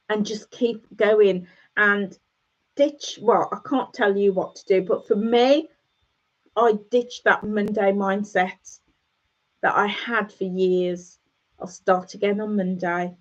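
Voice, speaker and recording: A woman's voice: medium pitch, a little mellow. A middle-aged woman hosting a casual motivational chat with her viewers, encouraging them and repeating phrases for emphasis. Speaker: host. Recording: dull lo-fi sound.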